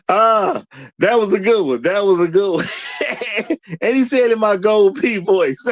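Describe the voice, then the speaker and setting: A man's voice: sits high, takes it slowly, pauses often. A man hosting a live stream, talking casually, laughing often and repeating lines for emphasis while firing rhetorical questions at his audience. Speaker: show host.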